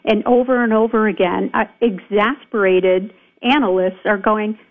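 Call-in guest: woman supervisor, emphatic and indignant, tinny phone-line sound, mid-range pitch. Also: steady tone, moderate pace. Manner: emphatic, indignant, many fillers. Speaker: county supervisor calling in. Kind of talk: radio call-in interview. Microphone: telephone.

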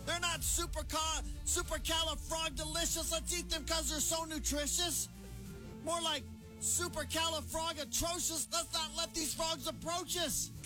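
A man's voice: extremely high pitch, steady tone, normal speed. A man putting on a rambling, folksy football coach giving a mocking pep talk to his team, over music. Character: gruff blustering male football coach. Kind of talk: comic pep-talk monologue.

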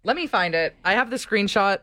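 A woman co-hosts a morning radio show, teasing and animated in casual back-and-forth. Her voice is mid-pitched and recorded dry and close in the studio. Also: brisk, dry recording. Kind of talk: casual on-air banter. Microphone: studio microphone.

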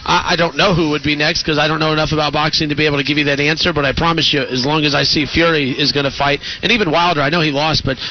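Chatty sports radio host, muffled. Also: male voice, on the high side, fairly even intonation. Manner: chatty, storytelling with quick asides. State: recovering from flu. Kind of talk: casual sports radio chat. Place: live remote broadcast from a restaurant. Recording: dull radio sound with background noise.

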